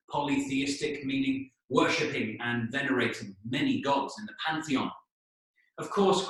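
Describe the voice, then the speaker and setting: A man teaching English, telling a story for learners, explaining slowly, spelling out words and checking in with "okay?". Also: a little high. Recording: echoey room, voice a bit distant.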